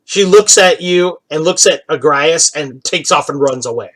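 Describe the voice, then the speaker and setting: A man narrating a tabletop game as dungeon master, in a relaxed, rambling way full of fillers. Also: on the high side, normal speed, slight background noise.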